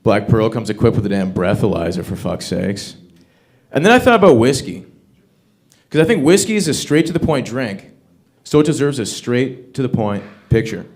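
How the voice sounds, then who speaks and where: A man's voice: mid-range voice, very animated, moderate pace, a little mellow. A man doing a crude, swearing stand-up set at an open mic, ranting in punchy bursts into a stage microphone. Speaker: stand-up comedian. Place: comedy open mic venue.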